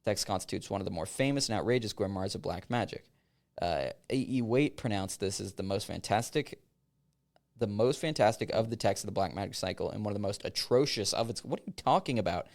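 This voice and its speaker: This young podcast host reads passages aloud in a low-leaning, slightly mellow voice, breaking in with quick asides, jokes and laughs on his casual show.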